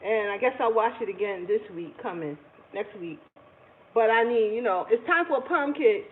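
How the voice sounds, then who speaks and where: A woman's voice: a little high, animated, normal speed. A woman hosting a home cooking livestream, chatting with viewers, laughing often. She is recorded in her kitchen with faint background noise. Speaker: cooking channel host. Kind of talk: casual cooking livestream chat. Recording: tinny phone-like audio with faint noise.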